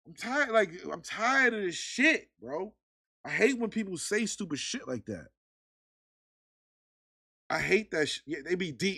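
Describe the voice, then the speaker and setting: High-pitched guy ranting on his podcast, cursing a lot, all fired up. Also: normal speed. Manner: profane, ranting, animated. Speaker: podcast host. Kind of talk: casual chat.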